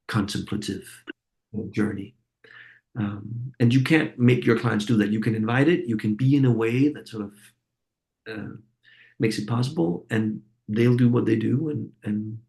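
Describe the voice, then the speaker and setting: Gravelly-voiced man teaching a training group. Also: fairly low pitch, darkish tone. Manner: reflective, repeats words as he thinks aloud. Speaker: facilitator and course trainer.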